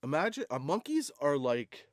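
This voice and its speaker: A man's voice: a little high, sing-song, normal speed, no echo, studio quality. A man hosting a comedy podcast, rambling through a casual monologue with laughs and restarts. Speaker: podcast host.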